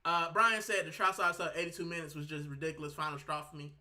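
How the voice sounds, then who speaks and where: Ranting bright-voiced male fan. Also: on the high side, level tone, quick pace. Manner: fuming, ranting, repeats himself. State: sick, straining his voice. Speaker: fan channel host. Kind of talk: heated fan rant to camera.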